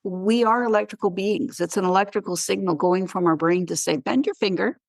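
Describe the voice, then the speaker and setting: Woman, podcast guest, animated storyteller, acts out dialogue, dry close sound. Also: fairly low pitch, brisk, vocal fry, no echo. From Canada. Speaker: guest wellness practitioner. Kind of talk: podcast interview.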